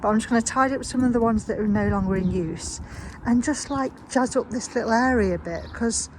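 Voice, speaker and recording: A woman's voice: on the high side, fairly quick, poor audio. Chatty woman in a garden. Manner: rambling and chatty, with frequent "um" and "sort of". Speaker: vlogger. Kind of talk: casual chatty vlog. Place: outdoor courtyard garden. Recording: outdoor recording with clear traffic noise. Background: passing road traffic.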